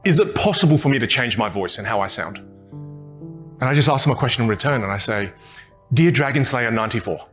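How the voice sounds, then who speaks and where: A young man talks as a communication coach in an interview. He is animated and theatrical, demonstrating points by reshaping his own voice. Faint music plays underneath. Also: medium pitch, a little fast. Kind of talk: podcast interview, demonstrative teaching.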